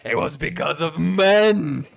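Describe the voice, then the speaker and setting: A man putting on the voice of a self-pitying female comic villain, delivered slowly, loudly and overwrought in mockery. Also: a little high, expressive, vocal fry, soft background music, voice pushed up, full character voice. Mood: mocking, melodramatic. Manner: slow, loud, overwrought mocking delivery.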